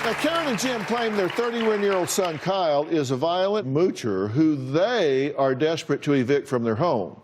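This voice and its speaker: A blunt male talk show host with a fairly high voice that swings through a lively range. He presses his guest with direct, challenging questions. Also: normal speed, few pauses, a crowd in the background, background noise. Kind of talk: talk show hosting and interviewing.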